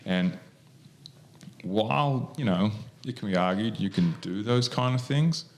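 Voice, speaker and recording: An Australian man with a fairly low, unhurried voice co-hosts a podcast, explaining hypnosis in loose, rambling chat. His talk is full of fillers and restarts, and a slight hiss or hum sits under the recording.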